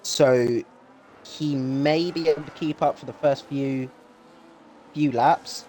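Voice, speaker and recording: A man's voice: mid-range voice, steady tone, takes it slowly, a little mellow, slight background noise. Male co-commentator, analytical, stop-start delivery. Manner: analytical, repeats words when restarting. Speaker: race commentator. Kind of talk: sim racing co-commentary.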